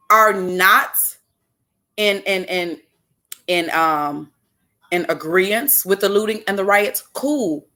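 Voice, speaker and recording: A woman's voice: medium pitch, fairly bright tone. A woman in her twenties from Chicago, hosting a casual spoken monologue and talking emphatically to her listeners, often checking in with "okay?". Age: 20s. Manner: emphatic, preachy, addresses listeners directly with repeated "okay?". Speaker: podcast host.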